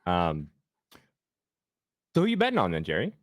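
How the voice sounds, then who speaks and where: Deep-voiced casual stream host man. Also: wildly swooping pitch, moderate pace, dry recording, studio quality. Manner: loose, rambling, joking with chat. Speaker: host of a sports betting stream. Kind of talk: casual livestream chat.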